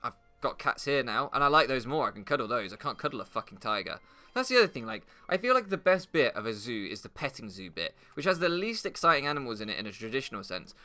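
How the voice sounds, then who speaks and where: British lets-play guy, young, crude sarcastic rambling, sharp bright tone, lively pitch, game music behind. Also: fast. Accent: British English. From England. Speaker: gaming commentator. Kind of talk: rambling commentary over gameplay.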